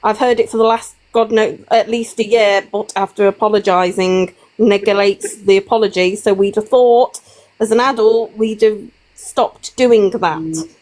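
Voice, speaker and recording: A woman's voice: a little high, unhurried, darkish tone, low-quality recording. Firm, matter-of-fact British woman. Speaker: live-stream guest. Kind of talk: casual live-stream chat.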